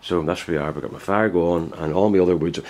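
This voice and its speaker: A deep-voiced man talks casually in his woodworking shed. He rambles in a folksy, easygoing way and often corrects himself mid-sentence. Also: quick pace, a little mellow. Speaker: woodturner. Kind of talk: casual workshop vlog.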